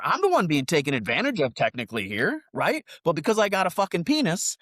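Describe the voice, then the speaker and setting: Animated, swearing American man telling stories. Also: a little high, fast talker, no echo, clean studio sound. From United States. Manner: profane, rambling, animated storytelling. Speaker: podcast co-host. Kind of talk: casual storytelling chat.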